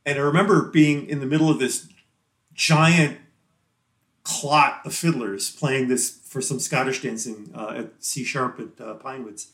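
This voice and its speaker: A man's voice: mid-range voice, steady tone, measured pace, fairly bright tone. Chatty man in a roomy space. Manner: rambling and chatty, laughs easily. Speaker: guest musician on a podcast. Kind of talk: casual interview chat. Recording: roomy echo.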